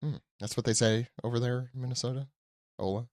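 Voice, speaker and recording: A man's voice: mid-range voice, little pitch movement, darkish tone, dry recording, studio quality. Joking podcast host, a man. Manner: joking, teasing, quick asides. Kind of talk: casual chat.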